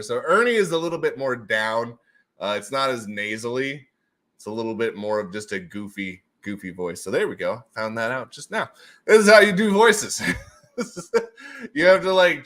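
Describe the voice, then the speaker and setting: A man hosting a casual livestream and running giveaways, excitable and goofy, laughing often and slipping into silly voices. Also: mid-range voice.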